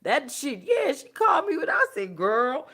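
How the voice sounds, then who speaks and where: A woman's voice: sing-song, moderate pace. A woman hosting a spiritual livestream, talking casually in a blunt, profane way and laughing often. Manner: swings from low mutters to loud outbursts. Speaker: spiritual channel host.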